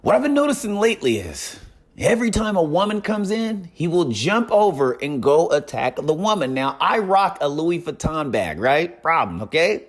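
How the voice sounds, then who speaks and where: A young man with a fairly high voice spins a casual story to his viewers. He talks in an animated way, keeps coming back to a catchphrase and acts out the other people's lines. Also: normal speed. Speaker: streamer telling a story.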